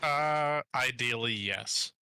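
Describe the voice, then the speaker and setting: A man's voice: medium pitch, slow pace, sharp tone, a little hiss or hum. A man playing a tabletop game, wry and teasing toward the others. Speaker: player. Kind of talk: casual tabletop play.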